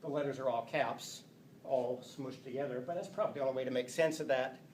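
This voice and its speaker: A man teaching a class, lively and playful, reading example sentences aloud. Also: medium pitch, fairly quick, slight background noise. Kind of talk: classroom lecture. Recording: echoey classroom from a distance.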